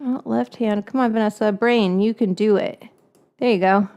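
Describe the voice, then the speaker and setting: A woman's voice: medium pitch, fairly even intonation, moderate pace, noisy background. Chatty, playful woman hosting a cooking stream. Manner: playful, chatty, self-mocking. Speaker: cooking show host. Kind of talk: casual livestream cooking chat. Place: home kitchen.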